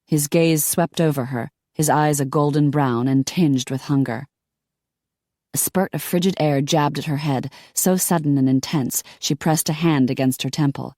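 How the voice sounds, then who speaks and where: Low-voiced woman reading an audiobook. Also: steady tone, moderate pace, mellow, dry recording, clean studio sound. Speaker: audiobook narrator. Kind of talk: scripted audiobook narration.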